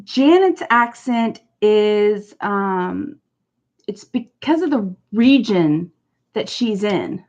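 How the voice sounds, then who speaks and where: A woman's voice: mid-range voice, very animated, extremely slow, darkish tone, muffled recording. A woman hosting a livestream, chatting casually and answering viewers one by one. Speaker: livestream host. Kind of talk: casual chat.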